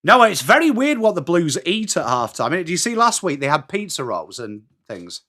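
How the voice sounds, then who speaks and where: A middle-aged man from England, with an English accent, runs a live football watchalong. His voice leans high and swoops wildly in pitch at a normal speed, with a bright, forceful tone. He chats with viewers by name, reads their messages aloud and commentates on the action live.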